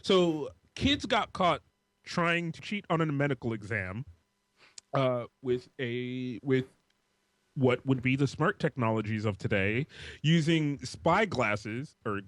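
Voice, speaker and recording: A man's voice: mid-range voice, expressive, slow, a bit bright, dry recording. A man hosting a podcast, chatting casually, rambling, swearing freely and laughing often. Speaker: podcast host. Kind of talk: casual chat.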